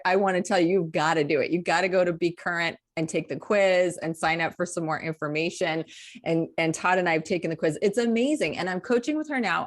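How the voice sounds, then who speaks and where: A woman co-hosting a podcast, who gushes in her introductions and laughs often. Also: medium pitch. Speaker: podcast co-host. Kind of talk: casual podcast chat.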